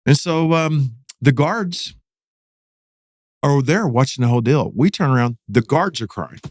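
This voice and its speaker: Animated pastor telling a story. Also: male voice, a little slow, no echo. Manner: animated, acts out quotes with rising pitch. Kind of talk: storytelling in a podcast interview.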